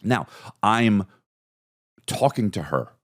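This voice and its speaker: Man, 40s, podcast host, comedic storytelling, animated, low voice, big swoops. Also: slow. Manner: animated, acts out quotes with big pitch jumps.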